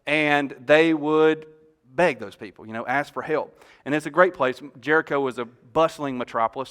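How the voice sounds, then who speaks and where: A man preaching a sermon as pastor. He tells the story in an animated way and jokes with the congregation on a church stage. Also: medium pitch.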